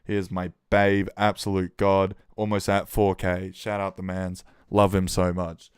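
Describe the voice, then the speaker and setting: A man hosting a casual livestream, reacting with excitement to listeners' tracks, swearing often and giving shout-outs. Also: low voice, unhurried, clear, resonant tone, dry recording, clean studio sound.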